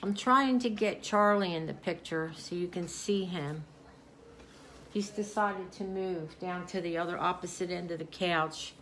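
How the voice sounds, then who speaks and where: A woman's voice: on the low side, a little slow, slight background noise. A tired woman talking casually at home in a rambling crafts vlog, restarting her sentences often. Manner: rambling, warm-hearted, with many restarts. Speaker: craft vlogger. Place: at home, on a couch.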